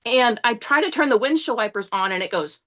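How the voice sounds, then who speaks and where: A young woman with a fairly high voice tells a story on a podcast. She is animated and quick to swear, rushing through the details as she goes. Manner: excitable, swears often, rushes through the story. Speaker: podcast guest.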